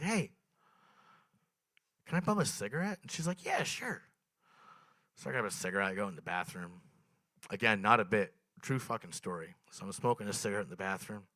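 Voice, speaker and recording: Young male stand-up comic, bright forceful voice, dry close sound, dark deadpan storytelling. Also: fairly low pitch, dry recording. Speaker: stand-up comedian. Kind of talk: stand-up comedy set. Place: small open mic venue.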